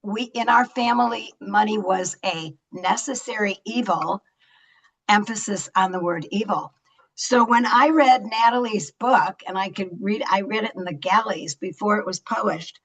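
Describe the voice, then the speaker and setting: Older woman, moderator, effusive and animated, video call audio. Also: medium pitch, normal speed, poor audio. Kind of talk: virtual fireside chat. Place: Los Angeles.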